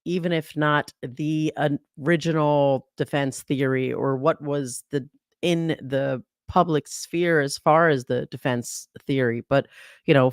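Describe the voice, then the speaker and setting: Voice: mid-range voice, clean tone, dry recording, studio quality. A guest commentator analyzing a trial in casual podcast talk, who often restarts sentences and laughs in disbelief.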